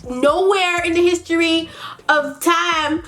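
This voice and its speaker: A young woman vlogger telling a casual storytime, blunt and sassy, swearing freely and laughing often with big swings in pitch. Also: fairly even intonation, takes it slowly, fairly bright tone, faint music behind. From Canada. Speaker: beauty vlogger.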